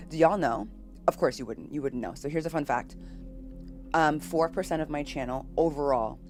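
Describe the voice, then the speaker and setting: Bubbly, giggly woman streamer. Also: low-pitched. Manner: bubbly, giggly, quick to laugh; swings between loud excited greetings and quiet asides. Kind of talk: casual live-stream chat reading viewer messages.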